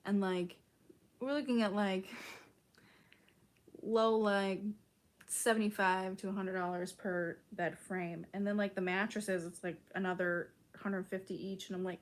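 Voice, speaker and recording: A woman's voice: mid-range voice, steady tone, measured pace. A young woman from Chicago chatting casually with her stream's chat, full of "like" and casual swearing. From Chicago, United States.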